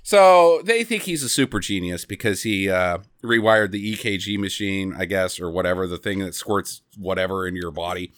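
A man's voice: sits low, moderate pace, hardly any pauses, no echo, studio quality. A man casually recapping a movie plot on a podcast, joking and swearing as he acts out scenes. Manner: joking, profane, animated retelling with mimicked lines. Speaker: podcast co-host.

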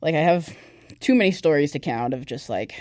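A woman's voice: low voice, lively intonation, fairly quick, darkish tone, no echo. Candid young woman telling her story, dry. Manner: candid and conversational, with many fillers. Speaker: podcast guest. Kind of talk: personal testimony in casual chat.

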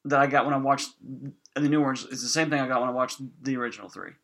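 A man from Indiana chats on a podcast, often stopping and restarting his sentences. His tone is bright and forward, at a middle pitch. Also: steady tone, vocal fry. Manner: halting, with many restarts. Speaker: podcast co-host. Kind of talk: casual chat.

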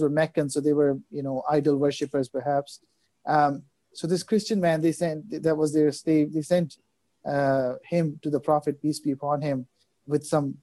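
A man recounting a religious story in conversation, talking quickly with many fillers, restarts and repeated words. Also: fairly high pitch, dark tone, dry recording. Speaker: religious guest speaker.

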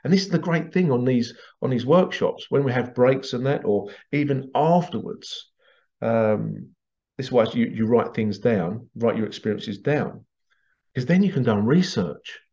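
Chatty man with a gravelly voice. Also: medium pitch, normal speed. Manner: chatty, animated, laughs often. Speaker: past life regression workshop leader. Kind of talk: casual storytelling promo. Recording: dull lo-fi recording.

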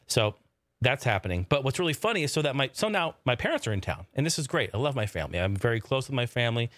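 A man's voice: medium pitch, sing-song, fast talker, a bit bright, dry recording, clean studio sound. A man casually telling a funny family story, swearing a lot and acting out the voices of the people in it. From family from Oregon. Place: home in the desert.

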